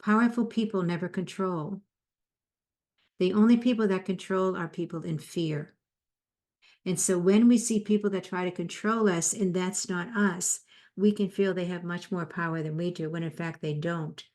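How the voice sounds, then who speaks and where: A woman's voice: lowish voice, normal speed, darkish tone. A woman in her fifties or older, a psychotherapist giving a motivational talk in a conversational way, mixing in personal stories. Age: 50s or older. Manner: conversational, tells personal anecdotes. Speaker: psychotherapist and speaker.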